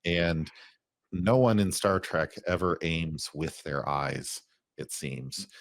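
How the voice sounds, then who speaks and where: A man's voice: low voice, slow, no echo. A man chatting as a panel guest, rambling with ums and side remarks. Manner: rambling, with ums and trailing asides. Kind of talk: casual discussion.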